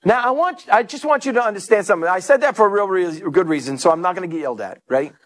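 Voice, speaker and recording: A man's voice: sits high, quick pace. A male pastor preaching a sermon, telling stories and acting out the people in them. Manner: storytelling preacher, animated, acts out quotes.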